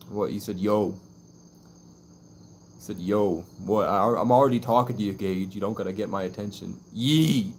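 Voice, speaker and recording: A man's voice: lowish voice, darkish tone, slight background noise. A man chatting erratically on a livestream, swinging between mystical musing and mock-angry, profane rants, outdoors at night. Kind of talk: rambling livestream chat with viewers.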